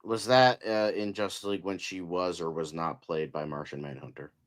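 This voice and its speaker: A low-voiced man co-hosts a loose live-stream chat. He rambles through his points with plenty of fillers and swears freely. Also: fairly even intonation, moderate pace. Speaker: co-host.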